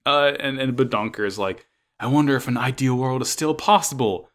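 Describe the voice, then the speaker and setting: Bright-voiced man rambling and swearing. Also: mid-range voice, a little fast. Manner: rambling, frequent swearing and restarts. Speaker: podcast co-host. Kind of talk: casual chat recapping an anime episode.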